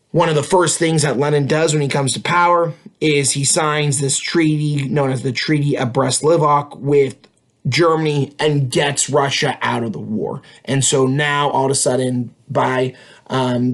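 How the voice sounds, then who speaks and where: Casual male history teacher lecturing. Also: medium pitch. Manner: conversational, many fillers and tag questions.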